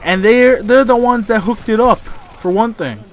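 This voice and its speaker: A man's voice: very high-pitched, normal speed, soft background music. A young man from Canada, telling a rambling, exasperated story over gameplay commentary. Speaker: gaming YouTuber.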